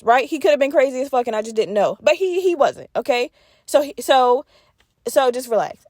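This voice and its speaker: A young woman tells a story on her podcast, her voice sitting a little high. She talks casually and with heavy profanity, jumping into other people's voices as she retells conversations. The sound is dry and close to the mic. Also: no echo. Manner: animated, profane, acts out both sides of conversations. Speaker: podcast host.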